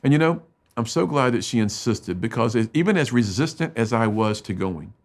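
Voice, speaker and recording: Gravelly middle-aged man, dramatic storyteller. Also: lively intonation, moderate pace. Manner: swings between loud emphatic bursts and hushed low lines. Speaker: motivational speaker. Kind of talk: emotional storytelling talk to students.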